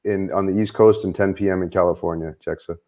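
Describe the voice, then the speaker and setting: A man's voice: sits low, fairly even intonation, fast, darkish tone. A man speaking earnestly on a live chat show, rambling with many restarts. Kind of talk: casual chat.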